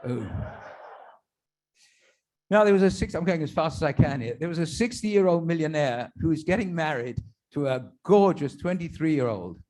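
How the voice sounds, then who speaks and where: A man with a somewhat high, slightly mellow voice and lively intonation speaks at normal speed. As a rabbi, he tells his congregation a run of stand-up jokes, filling the gaps between punchlines with chatty, self-deprecating asides.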